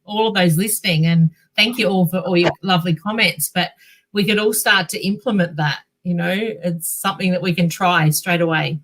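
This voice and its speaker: A radio co-host chatting casually, laughing often and agreeing warmly. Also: mid-range voice, moderate pace, slight background noise. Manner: giggly, agreeable. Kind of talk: casual chat.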